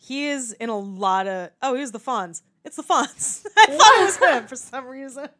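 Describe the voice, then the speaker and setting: A woman's voice: high voice, expressive, moderate pace, sharp tone. A young woman co-hosting a podcast, casually reviewing a movie, laughing often and acting out quotes. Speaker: podcast co-host.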